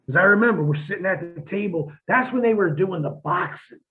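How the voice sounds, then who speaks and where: A man's voice: high-pitched, animated, a little fast, soft background music. A man, a former pro wrestler, telling profane stories in a casual interview and acting out what others said. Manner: profane, vivid storyteller who acts out quotes. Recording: tinny phone-like line.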